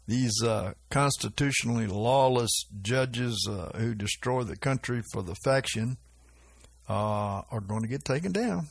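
Slow, husky-voiced preacher man. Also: mid-range voice, expressive, no echo. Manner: chuckles often, slow drawling delivery. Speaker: preacher recounting prophetic dreams. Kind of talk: informal religious teaching.

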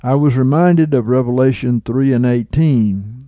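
Mellow and mid-range, this man's voice moves a little slowly with no echo. In a conversational, informal sermon he retells a dream and interprets it, laughing at his own remarks and asking the audience "right?" or "okay?".

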